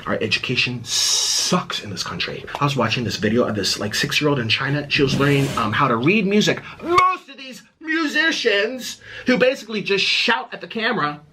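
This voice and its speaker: A man's voice: on the high side, sing-song, moderate pace, few pauses, background noise. A man ranting in a casual vlog at home, indignant and exasperated, with a sarcastic edge. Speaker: vlogger. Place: at home in his apartment.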